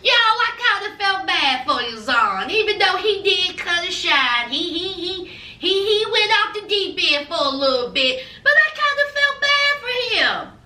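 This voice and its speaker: A woman's voice: very high-pitched, lively intonation, unhurried, few pauses, pushed and bright. A woman recapping a reality TV episode in a sassy, gossipy, playful way. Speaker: TV reality show reviewer. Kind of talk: casual recap chat to camera. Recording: echoey room, distant from mic.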